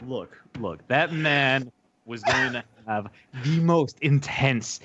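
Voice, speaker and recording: A man's voice: mid-range voice, takes it slowly, fairly bright tone, muffled recording, a little hiss or hum. A man in a casual podcast chat, speaking emphatically and repeating himself for effect.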